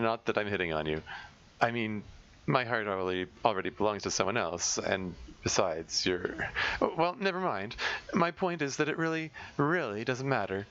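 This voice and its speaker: A man's voice: medium pitch, fairly bright tone, dull audio. A man voicing a desperate, sardonic teenage girl who leads a club, talking in a bitter, rambling, self-mocking way.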